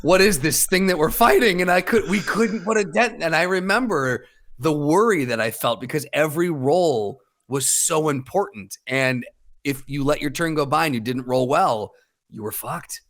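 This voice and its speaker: A man's voice: fairly high pitch, normal speed, a bit bright. A man co-hosting a podcast in casual chat, speaking candidly and swearing freely. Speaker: podcast co-host.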